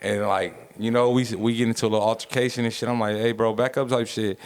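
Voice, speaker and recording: A man co-hosting a podcast, telling a story in loose, slangy casual chat and dropping into a lower voice for asides. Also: fairly even intonation, fast, clear, resonant tone. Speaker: podcast co-host.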